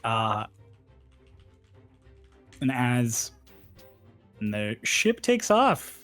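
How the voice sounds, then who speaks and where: A laid-back man narrates a tabletop game as game master. He speaks slowly at a mid pitch and drops the odd casual curse. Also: sing-song, a bit bright, faint music behind. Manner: laid-back, laughs often, casual swearing.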